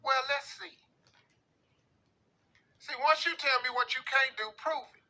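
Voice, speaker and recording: A man hosting a radio show, giving comedic commentary on a listener's letter in an animated, drawling way full of playful slang. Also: very high-pitched, measured pace, poor audio.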